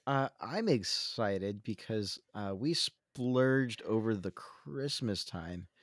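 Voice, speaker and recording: A man's voice: on the low side, lively intonation, slow pace, no room sound, clean studio sound. A young man from the Central Coast of California, co-hosting a podcast in casual, self-deprecating, joking chat. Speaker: podcast co-host.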